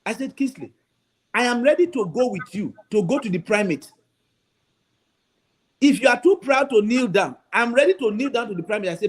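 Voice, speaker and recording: High, animated bishop. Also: male voice, normal speed, poor audio. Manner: emphatic, pleading storyteller. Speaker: bishop and guest. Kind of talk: radio talk show interview.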